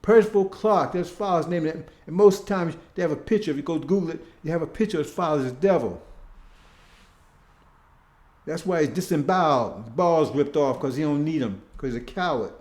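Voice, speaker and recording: Man preaching casual-style, voice a bit on the higher side, talks like he's chatting with the room. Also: brisk, a little mellow, reverberant. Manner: conversational, keeps asking "see?". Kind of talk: informal preaching.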